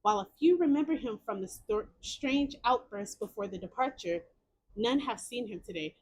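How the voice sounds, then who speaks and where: A young woman streamer narrates a story game and reacts in excited bursts. Her fairly high voice swoops up and down a lot. She piles up repeated words when something surprises her. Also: moderate pace. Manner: animated, exclamatory, repeats words. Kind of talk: reading a choice game aloud with reactions.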